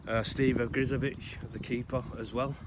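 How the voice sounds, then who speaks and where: The speaker is a man with a mid-range voice and little pitch movement, a grave-visiting vlogger from Salford, England. He rambles outdoors in a cemetery, conversational and pause-filled, offering a casual spoken tribute and story against outdoor background noise.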